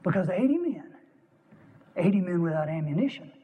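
A man's voice: sits high, big pitch swings, normal speed, narrow, tinny audio. A man giving a dramatic storytelling speech, delivering vivid, punchy lines and acting out the quotes. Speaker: speaker telling a war story. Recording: long reverb of a large hall.

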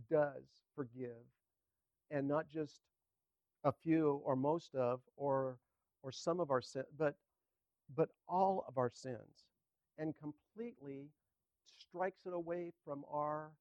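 An older man preaching a sermon as pastor, halting and repeating words as he speaks. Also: on the high side, darkish tone, no echo, muffled recording. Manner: halting, repeats words, leads congregation in a hymn.

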